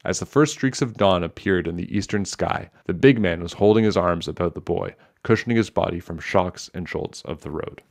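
A man reading a children's novel aloud in a steady, clear storytelling manner. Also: deep voice, moderate pace, hardly any pauses. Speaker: storybook reader.

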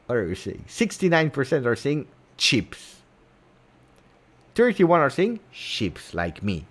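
A man's voice: mid-range voice, wildly swooping pitch, slow pace. A man hosting a casual livestream chat, teasing and repeating words for effect. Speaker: host of a football fan channel.

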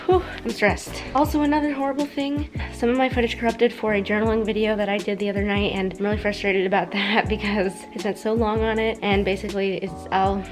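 A woman's voice: medium pitch, steady tone, a little fast, hardly any pauses, over music. A young woman, a college student, talking casually to the camera in a vlog, chatty and full of "like" and sighs. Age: young adult. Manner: chatty, says "like" often, sighs "whew".

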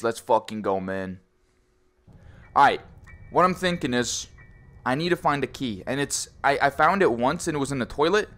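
Jokey young man with a lively voice. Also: medium pitch. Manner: jokey, swears a lot, teasing, says bro often. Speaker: gaming YouTuber. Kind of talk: casual horror game commentary.

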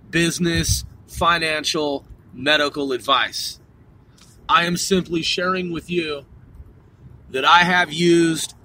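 A middle-aged man from a small country town, talking to his viewers in a slow, deliberate monologue and repeating and rephrasing himself as he goes. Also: fairly high pitch, bright, forceful tone, slight background noise, poor audio. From a small country town on the West Coast. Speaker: channel host.

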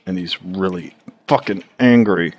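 Slow, deep-voiced man rambling while drawing. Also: darkish tone. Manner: rambling, profane, halting with many fillers. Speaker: streamer drawing on stream. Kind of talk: casual running commentary while drawing.

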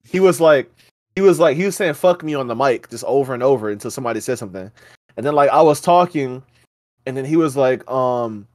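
A young man co-hosting a podcast, telling profane gaming stories at a fast clip. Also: mid-range voice, lively intonation, dry recording, clean studio sound. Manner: profane, fast storytelling with quoted voices. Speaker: podcast co-host. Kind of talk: casual gaming banter.

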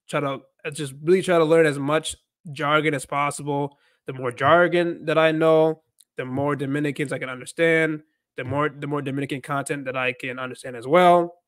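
Guy hosting a casual livestream, rambles, says like a lot, kinda high voice, dry close sound. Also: fairly bright tone, no echo. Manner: rambling, filler-heavy, lots of "like" and restarts. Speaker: host.

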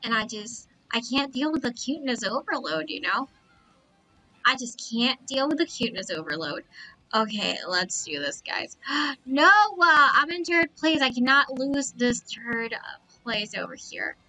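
Excitable high-voiced streamer woman. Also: a little slow, soft background music, rough recording. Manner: excitable, repeats exclamations. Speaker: live streamer. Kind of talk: excited gameplay commentary.

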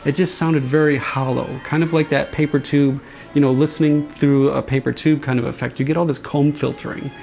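A man's voice: fairly high pitch, fairly even intonation, brisk, vocal fry, a little mellow, faint music behind. A man casually explaining how he designed a sound, rambling a little and imitating swing noises with his voice. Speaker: saber sound font designer. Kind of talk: casual explanatory demo talk.

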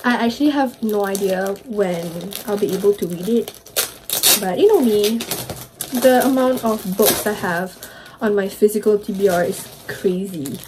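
A woman's voice: medium pitch, moderate pace, noisy background. A young woman with a Malaysian English accent, chatting casually in a vlog at home, bubbly and a little out of breath, slipping in Malay words. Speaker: vlogger.

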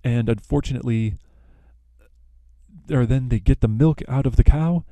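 A man's voice: mid-range voice, normal speed, warm tone, no room sound. A young man hosting a podcast, casually retelling a plot with lots of fillers and self-corrections. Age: young adult. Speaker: podcast host.

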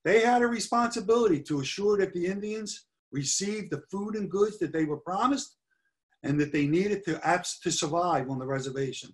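Middle-aged male lecturer, slightly high voice, earnest history talk over slides. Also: moderate pace. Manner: earnest, stresses key points with repetition. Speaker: history presenter.

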